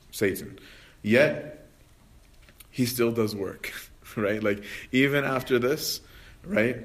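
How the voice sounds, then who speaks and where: A man with a somewhat low voice leads a relaxed spiritual lecture. He talks conversationally, keeps checking in with "right?" and fills pauses with "um". He acts out quotes with lively shifts in tone and volume. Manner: acts out quotes with expressive swings in pitch and volume. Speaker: religious study group leader.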